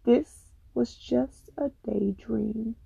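A woman's voice: fairly high pitch, very slow, gravelly, highs cut off, heavy background noise. A woman reading a children's picture book aloud in a playful, sing-song, questioning way. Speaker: children's story reader.

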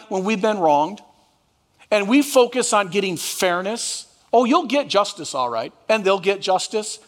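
A man's voice: high-pitched, in a large hall. A man preaching a sermon as pastor, drawing the congregation into call and response. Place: church sanctuary.

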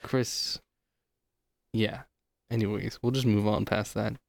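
A man's voice: on the low side, steady tone, vocal fry, dry recording. Teasing man on a podcast, dry mic. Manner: teasing, quick quips, swears freely. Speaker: podcast co-host. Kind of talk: casual chat.

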